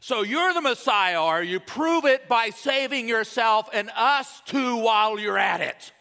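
A man voicing a mean, scoffing male criminal on a cross, with a loud jeering taunt. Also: extremely high pitch, expressive, unhurried, creaky, big-room sound, voice pushed up, heavily acted.

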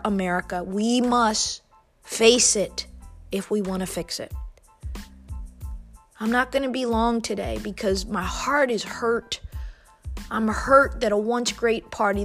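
A woman as a political commentator, giving an impassioned monologue in a fervent, preacher-like cadence full of repetition. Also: a little high.

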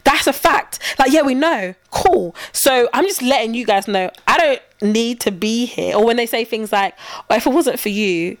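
A woman's voice: fairly high pitch, normal speed, hardly any pauses, no room sound. A woman, chatting casually as a co-host and acting out quoted dialogue as she tells stories. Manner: animated storyteller, acts out quoted dialogue. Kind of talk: casual chat.

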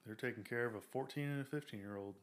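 A man's voice: mid-range voice, fast talker. Laid-back young man podcaster. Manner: laid-back, joking, short remarks. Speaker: podcast co-host. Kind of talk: casual chat.

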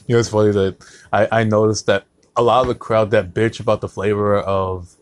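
A man's voice: fairly low pitch, level tone, moderate pace, dry recording. A man hosting his own podcast, rambling casually with lots of swearing and jokes. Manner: profane, rambling, joking, drinking beer on mic. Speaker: podcast host.

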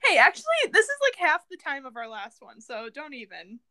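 High, lively young woman. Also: brisk. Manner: animated, expressive, playfully indignant. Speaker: podcast co-host. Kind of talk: casual chat.

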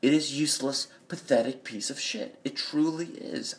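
A man's voice: mid-range voice, normal speed. A man delivering a blunt, profane, rambling rant. He talks into a phone in an echoey room. His speech wanders from point to point without letting up. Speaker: vlogger. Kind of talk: ranting monologue.

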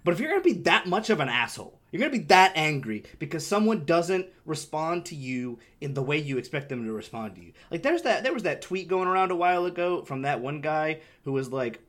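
A young man with an animated delivery, casually telling a story on a podcast, swearing freely and acting out the voices of the people in it. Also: on the high side, brisk, few pauses. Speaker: podcast co-host.

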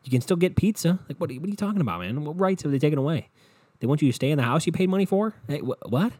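A man hosting a solo podcast, ranting casually with lots of swearing, swinging between low mutters and loud exasperated outbursts. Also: expressive, very fast, slightly rough, no echo, studio quality. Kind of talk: casual comedic rant.

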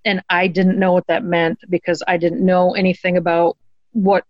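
A woman earnestly telling a personal story as an interview guest, halting with ums and restarts. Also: on the low side, level tone, dry recording, lo-fi sound. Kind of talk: conversational storytelling.

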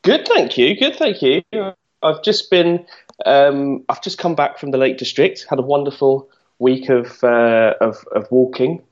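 Male co-host, jokey and teasing, expressive pitch, slightly dull lo-fi sound. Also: a little slow. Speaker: podcast co-host. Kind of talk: casual chat.

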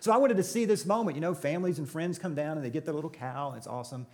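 Southern pastor, middle-aged, quick and playful, works the crowd, a touch high-pitched. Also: male voice, darkish tone. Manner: joking, crowd-engaging storytelling. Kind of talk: sermon. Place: church auditorium before a live audience.

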